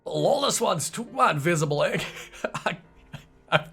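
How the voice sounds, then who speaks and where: A fretful character stammers and climbs higher and louder in panic, as a man puts the voice on. The tone stays bright and gravelly at the edges. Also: expressive, moderate pace, soft background music, exaggerated voice. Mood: flustered.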